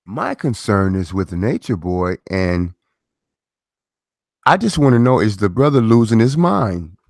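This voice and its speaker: A man's voice: on the low side, big pitch swings, a little slow, gravelly, a little mellow, dry recording, clean studio sound. A middle-aged man hosting his own commentary channel, talking in a preachy way with rhetorical questions and repeated phrases. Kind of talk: casual commentary monologue.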